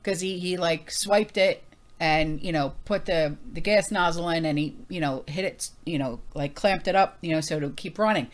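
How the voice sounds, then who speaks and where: A woman from New Jersey hosting a prepping vlog, telling a story in an animated, emphatic rant full of fillers. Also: low voice, moderate pace. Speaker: prepping channel host. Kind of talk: casual rant to viewers.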